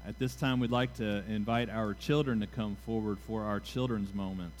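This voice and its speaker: A man giving a children's moment during a church service, playful and animated as he draws the kids into call-and-response. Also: lowish voice, normal speed, a little hiss or hum. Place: church sanctuary.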